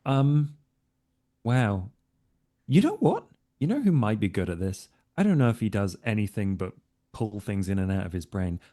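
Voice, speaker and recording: A man playing his character in a live tabletop role-play, talking in an easygoing, halting way full of fillers. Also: on the low side, lively intonation, warm tone.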